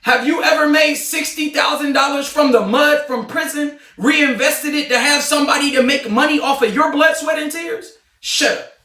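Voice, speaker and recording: A man in a heated, confrontational livestream rant, often shouting. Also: very high voice, normal speed, few pauses, recorded from a distance. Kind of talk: ranting livestream monologue. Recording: roomy, off-mic sound.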